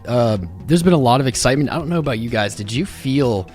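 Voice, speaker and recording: A man from the United States hosting a casual crypto live stream, laid-back and rambling, greeting chat by name, a little hoarse from losing his voice. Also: medium pitch, fast talker, darkish tone. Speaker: crypto livestream host. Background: music playing.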